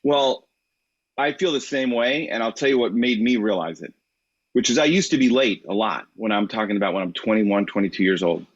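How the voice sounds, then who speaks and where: A man speaking as a guest in a podcast interview, telling anecdotes in a relaxed, conversational way. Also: lowish voice, a little fast. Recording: dry, slightly muffled recording.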